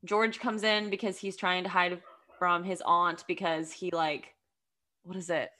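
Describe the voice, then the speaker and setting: A young woman co-hosting a podcast, chatty and quick to laugh, with lots of fillers. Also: on the low side, level tone, sharp tone. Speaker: podcast co-host. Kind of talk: casual chat.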